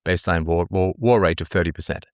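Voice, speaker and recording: A man's voice: low voice, quick pace, dry recording, studio quality. A man hosting a livestream monologue, reading statistics and repeating his phrases for emphasis. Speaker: livestream host. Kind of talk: commentary monologue.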